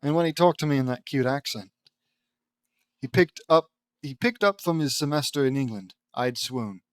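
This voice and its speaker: A man's voice: mid-range voice, moderate pace, no room sound, studio quality, natural voice. A man voicing a swooning, romantic middle-aged mother in a fan-fiction audiobook, reading her lines in a gushing, fond manner.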